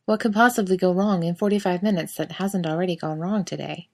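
Woman narrating a story, wry sardonic delivery, bit of a low voice. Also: fairly even intonation, brisk.

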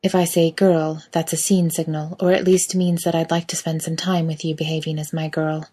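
A woman voicing a self-assured, gently teasing woman who is in charge, speaking in a calm, lightly commanding way. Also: sits low, moderate pace, husky.

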